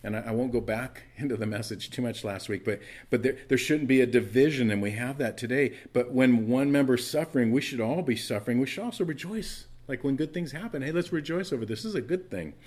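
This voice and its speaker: A pastor with a mid-range voice preaches quickly with few pauses, earnest and conversational. He stumbles into restarts and swings between loud emphasis and quiet asides.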